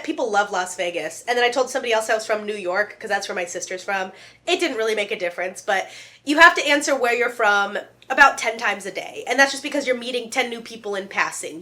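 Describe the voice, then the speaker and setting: A woman in her thirties chatting casually to camera as a vlogger, animated and jokey, with playful asides. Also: fairly high pitch. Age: 30s. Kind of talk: casual chat.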